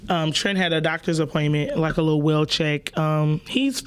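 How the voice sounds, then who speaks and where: A woman with a low voice hosts a podcast, chatting casually at normal speed. She tells stories in a loose, animated, playful way, with plenty of profanity.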